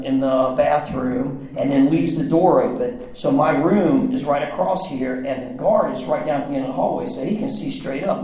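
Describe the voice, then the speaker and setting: A man telling a candid personal story in rough, profane, run-on bursts. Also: a little high, mellow. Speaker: storyteller recounting his past. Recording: very echoey room.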